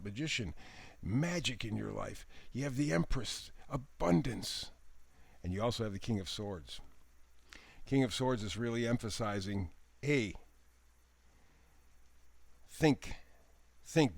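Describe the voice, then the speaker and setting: A man giving a daily tarot reading in a gentle, encouraging voice. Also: mid-range voice, dry recording. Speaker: tarot reader.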